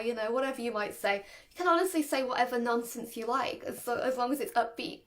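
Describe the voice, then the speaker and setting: A young woman, a dog trainer, giving relaxed advice to camera, chatty and quick to laugh. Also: a little high. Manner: chatty, laughs often, demonstrates voices. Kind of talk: casual explanatory talk to camera.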